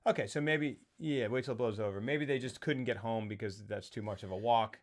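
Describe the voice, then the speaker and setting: A man's voice: mid-range voice, brisk. A man co-hosting a casual film talk show, rambling and acting out movie quotes in funny voices. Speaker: podcast co-host.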